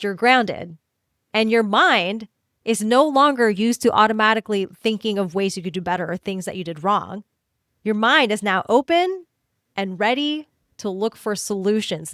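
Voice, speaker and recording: A woman hosting a solo career-coaching podcast, talking to listeners in an animated way and acting out quoted voices. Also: medium pitch, no echo, studio quality.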